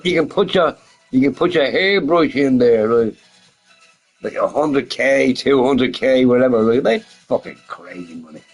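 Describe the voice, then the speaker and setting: A man's voice: on the high side, slightly rough, poor audio. A man chatting casually on a stream, swearing often, laughing and firing off rhetorical questions. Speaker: gaming streamer chatting with viewers. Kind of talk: casual rambling chat.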